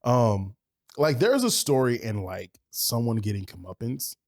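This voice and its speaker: Man, mid-pitch, co-host; loose rambling chat, filler-heavy, swears freely. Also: very animated, a little slow, a little mellow. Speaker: podcast co-host. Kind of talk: casual chat.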